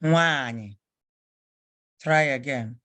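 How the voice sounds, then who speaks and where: Over a video call, a teacher whose first language is Igbo runs an online spelling drill, firmly correcting students and spelling words out letter by letter. The voice is mid-range with a sharp tone, and the pace is very slow.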